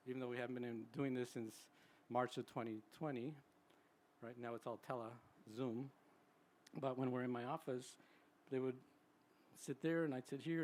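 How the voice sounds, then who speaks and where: A man's voice: medium pitch, a little mellow, slight background noise. A man in his sixties, a psychologist, giving a conversational public talk at a live event and often checking in with "right?". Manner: chatty, tags sentences with "right?". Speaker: psychologist speaking at a symposium.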